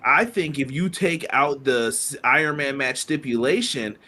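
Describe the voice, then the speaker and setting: A man in his thirties co-hosting a casual wrestling podcast, telling animated stories and acting out quotes. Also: medium pitch, unhurried, slight background noise. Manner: animated storyteller, acts out quotes. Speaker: podcast co-host.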